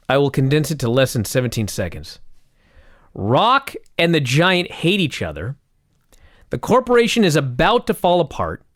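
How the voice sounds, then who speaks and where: A man co-hosting a casual wrestling recap podcast, sarcastic and animated as he tells a long story. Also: fairly high pitch, no echo, studio quality. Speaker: podcast co-host.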